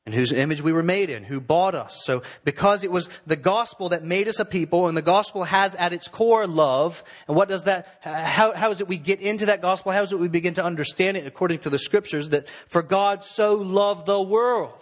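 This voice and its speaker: Pastor preaching an earnest sermon, a man with a somewhat high voice who leans on key words. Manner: earnest, exhorting, with slowed emphatic phrases.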